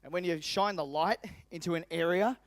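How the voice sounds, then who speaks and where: A man's voice: on the high side, a little fast, no room sound. Punchy Australian man coaching a seminar. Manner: energetic, emphatic, repeats key phrases. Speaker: business coach. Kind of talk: motivational seminar talk. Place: seminar room with tables.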